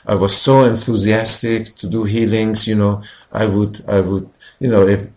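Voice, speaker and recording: Lower-voiced man telling his story. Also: level tone, normal speed. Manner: earnest, frequent "you know" fillers. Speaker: healer interviewed as guest. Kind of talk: personal storytelling in conversation.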